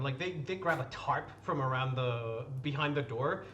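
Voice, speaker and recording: A man narrating a tabletop game as game master, in a halting, rambling way. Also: medium pitch, a bit bright, a little hiss or hum.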